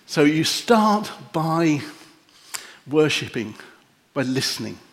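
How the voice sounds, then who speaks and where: Male preacher, middle-aged, slow measured delivery, soft reflective sermon tone. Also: on the high side, big pitch swings. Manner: slow, gentle and reflective with long pauses; emotional, easily moved. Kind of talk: sermon with closing prayer.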